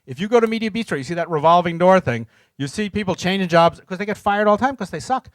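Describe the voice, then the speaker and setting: A man's voice: sits high, expressive, quick pace, no room sound. A middle-aged man co-presenting a seminar, giving blunt, joking advice and acting out little scenes in put-on voices.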